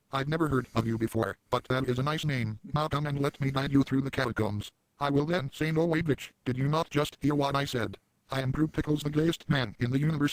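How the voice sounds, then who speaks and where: A man's voice: medium pitch, dry recording, lightly acted, rough recording. A man doing a brash, vulgar cartoon dad. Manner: brash, rambling storyteller with sudden outbursts. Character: crude, boastful adult man cartoon dad, shameless and vulgar. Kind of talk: parody cartoon monologue.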